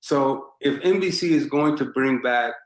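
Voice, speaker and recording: A man's voice: medium pitch, unhurried, echoey room, rough recording. A man talking as a podcast guest, making his point emphatically and insistently. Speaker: podcast guest, former basketball player. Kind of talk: casual podcast talk.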